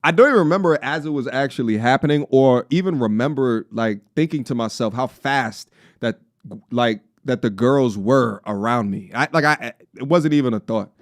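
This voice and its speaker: At a moderate pace and in a mid-range voice, a thirtysomething man from Long Island chats casually while reacting to a video on stream. He has a faint New York accent, jokes in slang, and slips into song, captured in clean studio sound without room noise.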